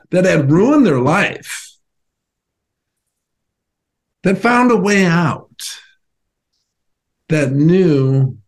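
A man, a former professional athlete, earnestly telling a personal story as a podcast guest, halting at times and acting out remembered conversations. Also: medium pitch, darkish tone. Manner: earnest, halting, acts out remembered phone calls.

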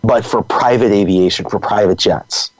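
A man telling a personal business story as an interview guest, animated and anecdotal, acting out quoted dialogue. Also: fairly low pitch, normal speed, no echo, muffled recording. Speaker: guest entrepreneur and speaker.

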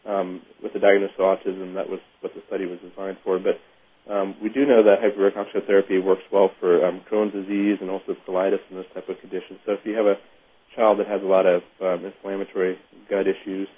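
A man's voice: sits low, little pitch movement, fast talker, husky. A male physician explaining matter-of-factly as an interview guest. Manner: matter-of-fact, some fillers. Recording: tinny phone-line audio.

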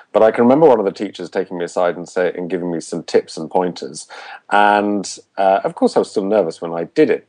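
A man who coaches voices and once worked as a voiceover artist, giving measured, articulate answers in an interview. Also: deep voice, a little mellow.

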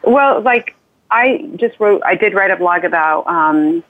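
A woman's voice: mid-range voice, expressive, unhurried, dry recording. A woman, an author being interviewed, talking in an earnest, rambling way with restarts and light laughs. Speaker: author guest. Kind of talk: casual interview talk. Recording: tinny phone line.

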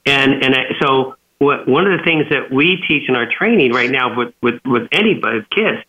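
A man's voice: medium pitch, moderate pace. A man from California, a guest author on a radio interview, telling stories animatedly and acting out the dialogue he quotes. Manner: animated storyteller who acts out quoted dialogue. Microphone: phone line. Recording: tinny phone line.

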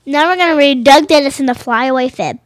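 A woman's voice: sits high, fairly quick. A woman reading children's picture books aloud, stumbling over and rereading phrases and adding casual comments of her own.

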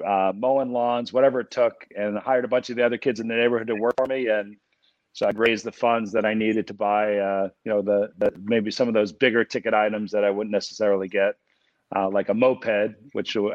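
A man answering as an interview guest, relaxed and full of fillers. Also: lowish voice, no echo. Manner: relaxed, many fillers, laughs easily. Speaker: guest entrepreneur. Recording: dull video-call audio.

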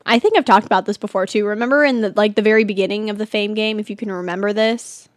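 A woman's voice: mid-range voice, quick pace, no room sound, studio quality. A teenage girl from California hosting a casual solo chat show, bubbly and rambling with lots of giggles and "like". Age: teens. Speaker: host.

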